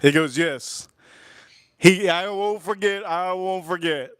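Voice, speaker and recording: A man's voice: high-pitched, takes it slowly, a bit bright, clean tone, no echo, clean studio sound. A man hosting a livestream, casually telling a rambling, laughing story, repeating himself and swearing now and then. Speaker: livestream host.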